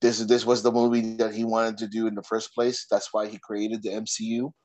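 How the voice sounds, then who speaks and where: A man co-hosting a casual movie podcast, explaining slowly with drawn-out hesitations. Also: lowish voice, level tone, a little mellow, low-quality recording.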